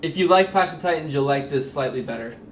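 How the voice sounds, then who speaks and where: A man's voice: fairly high pitch, lively intonation, fast. A man reviewing a movie with friends, joking and sarcastic. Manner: jokey, sarcastic storyteller. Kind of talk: casual podcast banter. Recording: echoey room with faint noise.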